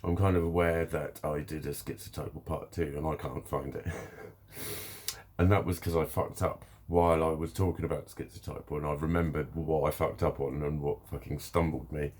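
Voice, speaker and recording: A man talking to camera in a rambling, profane, animated way. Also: very deep voice, normal speed. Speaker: vlogger. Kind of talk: casual monologue to camera.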